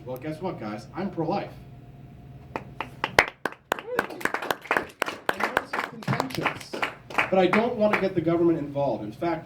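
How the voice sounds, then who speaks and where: A young man from Missouri giving a forceful, combative campaign speech at a convention. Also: a little high, background noise. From Missouri, USA. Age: young adult. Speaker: political candidate. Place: convention hall. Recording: echoey hall, from a distance.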